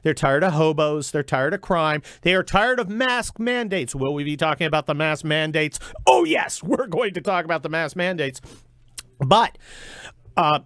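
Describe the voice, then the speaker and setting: A man's voice: fairly high pitch, lively intonation, normal speed, fairly bright tone, clear, resonant tone, dry recording. A middle-aged man hosting a talk radio show, delivering a sarcastic, mocking monologue into a studio microphone. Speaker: radio host.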